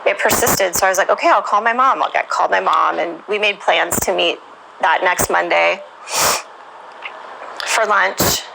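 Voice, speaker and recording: A woman's voice: lowish voice, steady tone, unhurried, gravelly, long pauses, background noise. A woman telling her life story in an interview, reflective and emotional, with many "you know"s.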